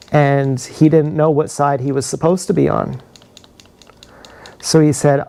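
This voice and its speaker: Man, gravelly fry, rambling confessional livestream talk, action-camera mic. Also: on the high side, little pitch movement, a little slow, long pauses, warm tone. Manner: meandering, confessional, laughs at own stories.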